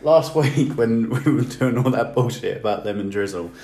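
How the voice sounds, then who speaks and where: A man's voice: medium pitch, normal speed. A man co-hosting a podcast, swearing and laughing as he tells stories in casual banter. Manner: sweary, laughing, animated storytelling. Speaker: podcast co-host. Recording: echoey room.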